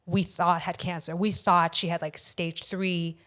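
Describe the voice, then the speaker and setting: A woman's voice: fairly low pitch, little pitch movement, unhurried, a bit bright. A woman guest on a podcast, telling a story in a casual way, rambling and swearing for emphasis.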